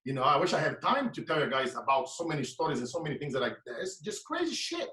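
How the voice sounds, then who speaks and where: Impassioned man, bright high voice. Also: big pitch swings, fast. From Brazil. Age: late 30s. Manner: preaching, repetitive, emphatic. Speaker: motivational speaker guest. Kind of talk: impassioned motivational talk. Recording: echoey room, mic at a distance.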